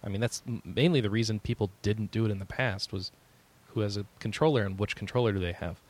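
A man hosting a casual podcast chat, easygoing and quick to laugh. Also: on the low side. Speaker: podcast host.

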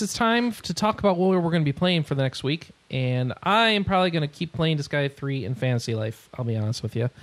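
A man hosting a casual podcast, playful and upbeat as he teases his co-hosts and passes around the questions. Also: mid-range voice. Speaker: podcast host.

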